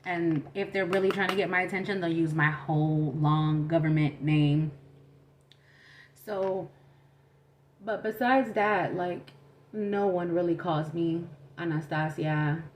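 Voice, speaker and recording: A young adult woman vlogger telling a story in casual chat, animated, acting out quotes and saying "like" a lot. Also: fairly low pitch, a little slow, a little hiss or hum. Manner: animated, acts out quotes, says "like" often.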